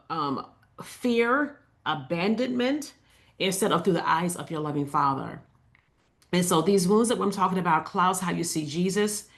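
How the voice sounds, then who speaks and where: A woman with a somewhat low voice gives a casual faith coaching talk straight to her viewers. She keeps it conversational, with fillers and asides, and slows down to repeat her key lines. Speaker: faith-based life coach. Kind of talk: casual inspirational talk to camera.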